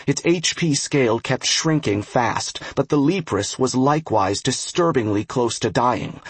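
A man reads a fantasy game novel aloud with steady, even pacing and a husky grain to his mid-range voice. The sound is close and dry, as from a studio mic. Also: mid-range voice, dry recording. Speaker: audiobook narrator. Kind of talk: scripted narration.

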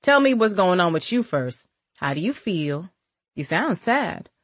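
A woman reading the part of an older, gentle grandmother who speaks softly and affectionately. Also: on the low side, very animated, unhurried, dry recording. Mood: concerned. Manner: soft, affectionate, calls listener baby.

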